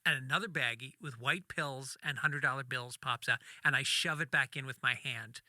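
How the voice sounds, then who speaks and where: A man, a comedian, telling a story in casual talk, animated and acting out the voices of the people in it, with some swearing. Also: medium pitch, moderate pace, dry recording, clean studio sound. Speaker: podcast guest, comedian.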